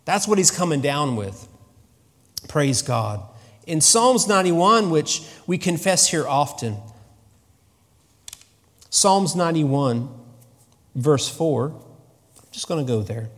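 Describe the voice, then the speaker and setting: A man preaching a sermon in a church, in a conversational, animated way, often repeating his phrases. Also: on the high side, slow pace, long pauses. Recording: long reverb of a hall.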